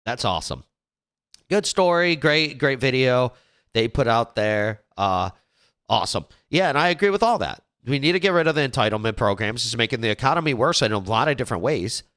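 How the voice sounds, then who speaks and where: A man's voice: mid-range voice, animated, fairly quick, fairly bright tone, dry recording, clean studio sound. A man hosting a show, reacting to a clip in casual, rambling commentary with many restarts. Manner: rambling, with frequent restarts and fillers. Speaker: show host.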